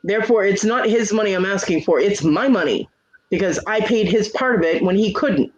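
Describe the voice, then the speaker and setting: A man's voice: high voice, lively intonation, brisk. A man hosting a casual livestream chat, venting in a profane, aggrieved way. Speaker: livestream host. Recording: dull lo-fi stream audio.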